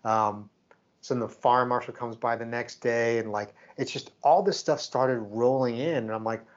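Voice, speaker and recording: A man with a mid-range voice co-hosts a podcast at normal speed, telling a story casually and animatedly acting out quoted exchanges. High frequencies are cut off in the recording.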